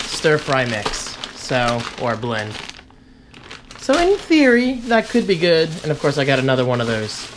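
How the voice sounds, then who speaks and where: Chatty, lively man vlogging. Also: fairly high pitch, a little hiss or hum. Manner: chatty, animated, joking asides to viewers. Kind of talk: casual daily vlog chat.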